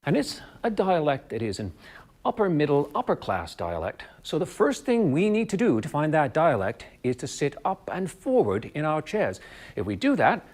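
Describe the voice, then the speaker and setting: A man with a Canadian accent, a drama professor giving a clear, measured video lesson that explains and demonstrates speech sounds. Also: on the high side, wildly swooping pitch, a little mellow. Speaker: drama professor teaching voice and dialects.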